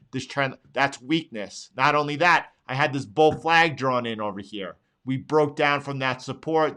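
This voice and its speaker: A man's voice: mid-range voice, pushed and bright. A man hosting a trading show, walking through charts live and talking in an emphatic, repetitive way, at times pleading with viewers. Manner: emphatic, pleading, repeats phrases. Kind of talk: live market analysis.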